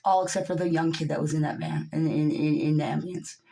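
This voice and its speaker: A woman venting on her own channel in a profane rant, swinging between low muttering and yelling, openly upset. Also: fairly even intonation, quick pace, creaky, poor audio. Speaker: vlogger. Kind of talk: angry venting monologue.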